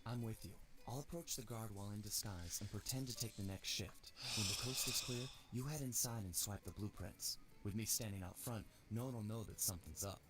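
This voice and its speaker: A man's voice: fairly low pitch, brisk, few pauses, lightly acted. A man voicing a hearty big hippo sidekick. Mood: eager. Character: big strong friendly male hippo sidekick. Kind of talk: video game dialogue. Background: game music.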